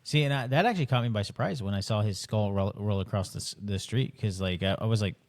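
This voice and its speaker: A man co-hosting a podcast in casual chat, laid-back and halting, with frequent restarts. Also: lowish voice, darkish tone. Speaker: podcast co-host.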